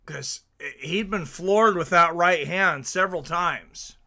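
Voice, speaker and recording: A man hosting a casual fight watch-along stream, chatting excitedly and reading viewer comments aloud. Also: high voice, slow.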